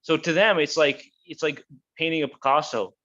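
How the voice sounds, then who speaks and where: Animated man telling stories, lo-fi sound. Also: a little high, normal speed. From Canada. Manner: animated storyteller, many restarts. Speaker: guest, housing builder. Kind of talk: casual interview talk.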